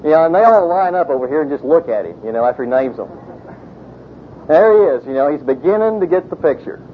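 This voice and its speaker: A man's voice: animated, fast. A man preaching a sermon in a casual storytelling way, full of "you know" asides. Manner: conversational, many fillers, storytelling. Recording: tinny phone-like sound with vehicle rumble.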